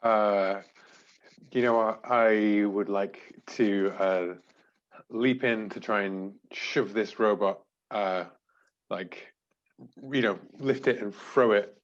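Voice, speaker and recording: A man's voice: fairly low pitch, steady tone, slow, lo-fi sound. A man playing a tabletop game, describing his actions in a rambling way, hedging with "like" and "you know". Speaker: player. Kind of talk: casual tabletop play.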